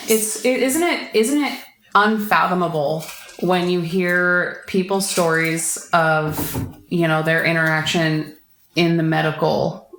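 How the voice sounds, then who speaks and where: A woman's voice: fairly low pitch, slow, fairly bright tone. A woman hosting a casual chat, reacting with sympathetic interjections and then reflecting. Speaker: podcast host. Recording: echoey room.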